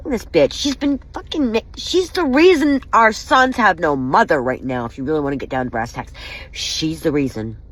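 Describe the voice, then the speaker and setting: In a raw personal vent to camera, a woman vlogger speaks angrily and profanely about what hurt her, clearly wounded. Her fairly low voice is slightly rough, captured on a rough recording.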